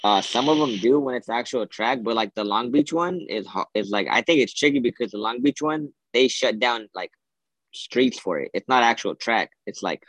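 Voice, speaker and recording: A man's voice: medium pitch, animated, moderate pace, fairly bright tone, no echo, low-quality recording. A young man co-hosting a podcast, telling stories in loose, rambling casual chat full of fillers and swearing. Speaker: podcast co-host.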